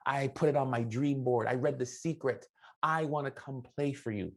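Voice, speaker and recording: A man's voice: medium pitch, normal speed, voice pushed up, natural voice. A man doing an eager young soccer hopeful.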